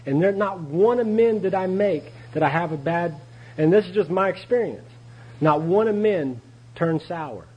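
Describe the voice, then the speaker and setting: A man's voice: high voice, animated, normal speed, breathy edge, muffled recording. A man speaking at a recovery meeting, giving a candid personal testimony, storytelling and chuckling often.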